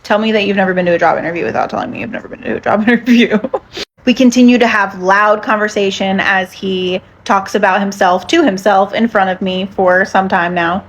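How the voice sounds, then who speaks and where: A young woman casually recounting a date in a sardonic, deadpan way, full of fillers. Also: mid-range voice, fairly quick, slight background noise. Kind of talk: casual storytelling to camera.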